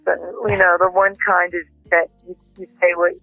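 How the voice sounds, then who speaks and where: A woman interview guest telling lively anecdotes and acting out what others said, heard down a tinny phone line. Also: lowish voice, normal speed, dry recording, soft background music. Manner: lively anecdotes with acted-out quotes. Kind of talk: casual interview storytelling.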